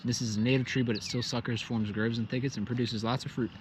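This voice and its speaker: A man's voice: mid-range voice, fairly even intonation, fast talker, slight background noise. A man casually vlogging outdoors, chatty and joking as he explains planting trees. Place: outdoors in fields.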